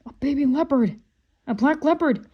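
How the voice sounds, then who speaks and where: A woman's voice: high voice, lively intonation, normal speed, highs cut off, pitched above the performer's own voice. A woman voicing an earnest, cautious young boy in a storybook reading. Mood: excited.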